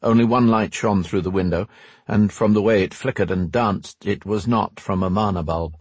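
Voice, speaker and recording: Deep, husky male audiobook narrator. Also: moderate pace, dry recording. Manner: steady, expressive storytelling. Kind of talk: scripted fantasy audiobook narration.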